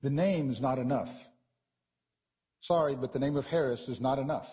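A man preaching a sermon in a church, animated and conversational, often checking in with the congregation. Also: medium pitch, normal speed, long reverb tail, muffled recording. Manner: animated and conversational, with frequent "right?" asides.

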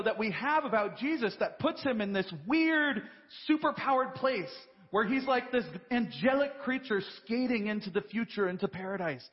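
A man's voice: high voice, breathy edge, in a large hall, dull audio. A man preaching a sermon as pastor, in a conversational style full of rhetorical questions and "right?" asides. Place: church sanctuary.

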